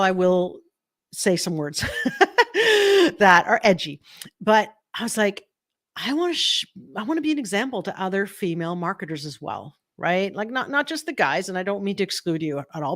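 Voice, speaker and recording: A middle-aged woman coach telling a story to her online group, chatty and animated, acting out the voices in it with many fillers. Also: mid-range voice. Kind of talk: live-streamed storytelling to a group.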